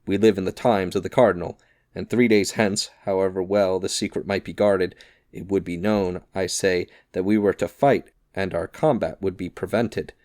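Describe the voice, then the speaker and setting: A man voicing a proud, gentlemanly musketeer in an audiobook reading, with formal, dry-witted speech. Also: low voice, fairly even intonation, normal speed, no echo, lightly acted. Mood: courtly.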